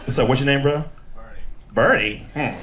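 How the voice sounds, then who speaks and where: On a comedy club stage in front of a live audience, a Texan man works the crowd and acts out characters in put-on voices. His mid-range voice is brisk and sits far from the handheld stage mic, with background noise. The roomy club sound is full of audience laughter.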